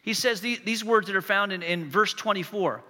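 Pastor, man, high and very forceful delivery, long church reverb; tells the story like he's there. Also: moderate pace. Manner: vivid storytelling, addressing the congregation directly. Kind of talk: sermon.

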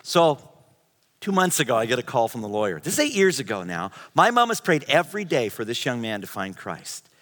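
Middle-aged preacher guy, bright voice, big echoey church hall, gets animated then whispers. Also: mid-range voice, fast, few pauses. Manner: animated, shifts to hushed whispers. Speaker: pastor. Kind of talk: sermon storytelling. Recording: long hall reverb.

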